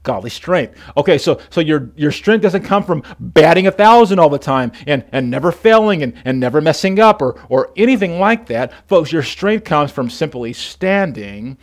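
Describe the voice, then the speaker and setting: A middle-aged man preaching a sermon as pastor. He often restarts his words and swings between loud emphasis and soft, low passages. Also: very animated, moderate pace, few pauses.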